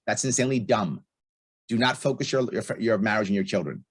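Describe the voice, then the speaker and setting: Middle-aged male podcast guest, quick and husky, blunt and emphatic, hammers his points home. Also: on the low side. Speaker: podcast guest, libertarian candidate. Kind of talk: casual podcast interview.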